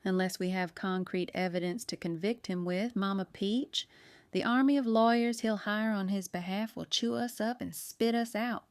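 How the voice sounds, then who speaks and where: A woman voicing a level-headed female police detective who speaks in a measured, matter-of-fact way. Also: medium pitch, clean tone, no echo, clean studio sound, close to an everyday voice. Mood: serious.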